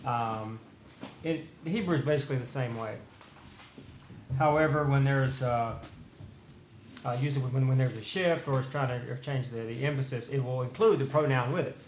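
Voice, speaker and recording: Man, study group member, halting delivery full of fillers, roomy room, faint hiss. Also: medium pitch. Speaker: Bible study participant. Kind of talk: explaining text in group discussion.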